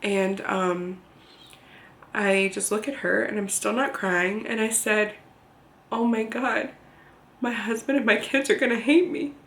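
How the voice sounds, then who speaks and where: Candid woman with a gravelly, echoey voice. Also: mid-range voice, fairly even intonation, fairly bright tone. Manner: candid, halting and plain-spoken. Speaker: vlogger. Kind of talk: personal storytelling to camera.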